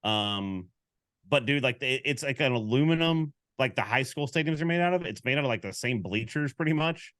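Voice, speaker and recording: Animated man telling a sports story. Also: mid-range voice, brisk, no room sound, clean studio sound. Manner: animated storyteller, acts out quoted exchanges. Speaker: podcast co-host. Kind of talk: casual sports chat.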